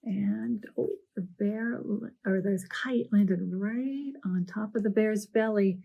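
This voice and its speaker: A woman librarian doing a storytime read-aloud for children, animated with gasps and playful asides. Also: medium pitch, slow pace, gravelly, muffled recording.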